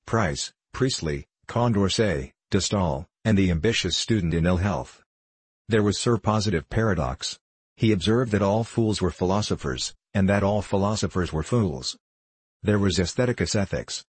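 Low, husky male narrator, dry close sound, measured and wry. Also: dry recording. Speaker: audiobook reader. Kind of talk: scripted narration of a classic story.

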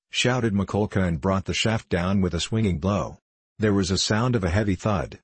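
A man reads a classic novel in a measured, steady way, his voice very low and husky. The recording is close and dry, with almost no room sound. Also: no echo. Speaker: audiobook narrator. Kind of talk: scripted narration of a classic novel.

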